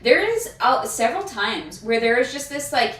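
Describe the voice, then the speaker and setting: Brief: chatty female podcast co-host, higher pitch, roomy and distant sound. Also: sing-song, a bit bright. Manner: chatty, emphatic, quick to laugh. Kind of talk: casual podcast chat.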